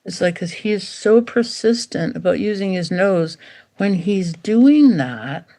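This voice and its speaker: A woman dog behaviour expert talking as a podcast guest, animated and acting out quotes as she explains. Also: mid-range voice, measured pace. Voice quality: animated, acts out quotes, gravelly. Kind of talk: podcast interview conversation.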